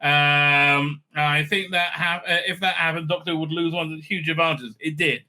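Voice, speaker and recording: Sharp-toned, sarcastic male commentator. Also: fairly high pitch, fairly even intonation, normal speed, faint music behind. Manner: sarcastic and profane, with exaggerated mock voices. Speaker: commentary channel host. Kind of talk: mocking casual commentary over clips.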